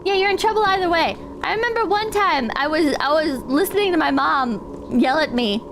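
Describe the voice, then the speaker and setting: Bright-toned and high, with lively intonation at a normal speed, a young woman gives casual commentary on the game she's streaming. She rambles through sarcastic remarks and playful insults over clear background noise.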